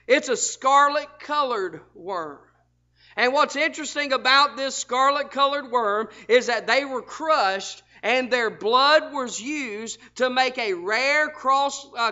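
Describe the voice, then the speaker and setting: Pastor, emphatic sermon delivery, sharp bright voice, dull recording. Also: male voice, extremely high pitch. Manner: fervent, emphatic preaching with frequent "hey". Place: church sanctuary.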